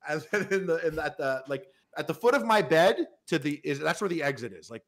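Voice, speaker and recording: In a casual podcast story, a young man in his twenties rambles on at length, full of fillers and restarts. His slightly high, somewhat bright voice has lively intonation and a pace that's a little fast.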